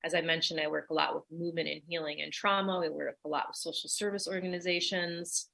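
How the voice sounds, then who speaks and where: A woman's voice: low voice, flat delivery, fast talker, creaky, sharp tone. A woman who runs a dance company, a guest on a radio show, talking in an enthusiastic, playful way. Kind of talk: casual radio interview.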